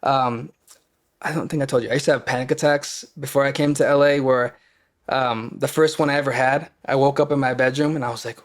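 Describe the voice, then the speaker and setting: A man's voice: medium pitch, steady tone, brisk. Candid man rambling through personal stories. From Wisconsin. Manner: rambling, candid, acts out his past panic in quoted lines. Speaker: podcast guest, actor. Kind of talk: casual storytelling conversation.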